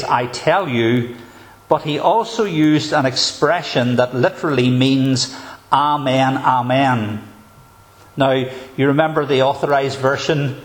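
A man, a pastor, preaching a sermon in an emphatic, measured way with deliberate pauses. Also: mid-range voice.

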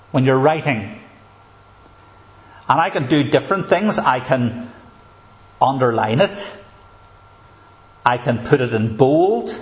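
A man, a pastor, preaching a sermon in an emphatic, measured way with deliberate pauses. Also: mid-range voice.

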